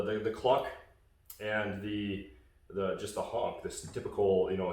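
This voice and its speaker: A man's voice: fairly low pitch, fairly even intonation, a little slow, heavy reverb, distant mic. A man casually explaining goose calling in a hunting call tutorial, rambling with fillers and restarts.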